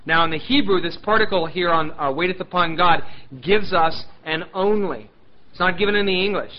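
A male pastor with a fairly high voice reads a psalm and preaches on it. He is emphatic, rising to loud declaiming and then dropping to hushed asides. He is fighting a sore throat, and the recording sounds muffled and lo-fi. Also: normal speed. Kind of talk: sermon with scripture reading.

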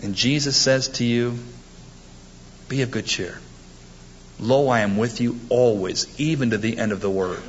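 A man's voice: mid-range voice, normal speed, few pauses, muffled recording, slight background noise. A man preaching a sermon, emphatic and quoting scripture with rising force. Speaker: pastor.

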